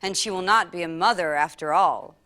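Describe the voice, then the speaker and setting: A woman performing a comic story in a theatrical, animated way, with laughing asides. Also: on the low side, brisk.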